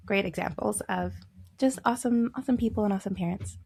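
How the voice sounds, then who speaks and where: A woman's voice: medium pitch, fast talker, creaky, dark tone, husky, dry recording. A woman hosting a podcast, upbeat and affirming as she chats with her guest. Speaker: podcast host. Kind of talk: casual interview chat.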